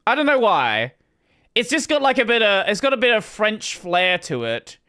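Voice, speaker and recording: High, lively Australian man. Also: normal speed, clear, resonant tone. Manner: animated, swears freely, plays with pronunciations. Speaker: streamer host. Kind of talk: casual gaming stream chat.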